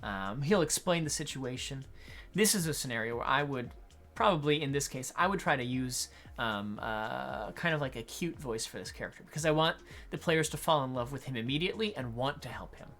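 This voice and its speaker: Acting as a game master, a man explains adventure design in an unhurried tutorial, thinking aloud as he goes. His mid-range voice is animated and a bit bright.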